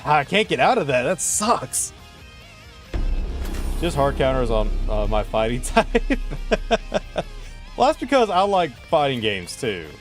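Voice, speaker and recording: Animated man streaming a game. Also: medium pitch, measured pace, pauses often, faint music behind. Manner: playful, teasing, animated. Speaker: streamer host. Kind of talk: casual gaming stream chat.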